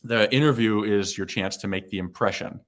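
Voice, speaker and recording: Casting note: male hiring manager, lowish voice, loose and chatty on a live stream, full of fillers. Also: a little fast, a bit bright. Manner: casual, filler-heavy, repeats words. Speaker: hiring manager and career coach. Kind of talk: live-streamed career advice.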